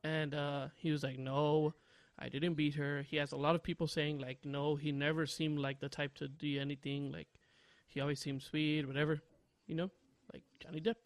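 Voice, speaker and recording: A young man co-hosting a podcast, rambling and laughing loudly at his own stories. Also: a little high, little pitch movement, moderate pace, hardly any pauses, dry recording. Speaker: podcast co-host. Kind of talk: casual podcast chat.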